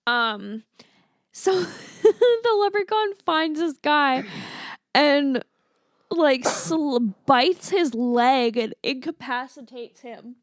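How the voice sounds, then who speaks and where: A woman's voice: high-pitched, expressive, extremely slow, no room sound, studio quality. A woman co-hosting a casual movie-riffing chat, amused as she retells scenes. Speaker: podcast co-host.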